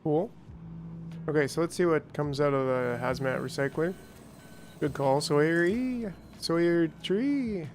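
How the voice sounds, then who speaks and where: A man's voice: fairly high pitch, a little slow, darkish tone, a little hiss or hum. A man hosting a let's play, thinking aloud in a chatty way with small exclamations and restarts. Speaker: gaming channel host.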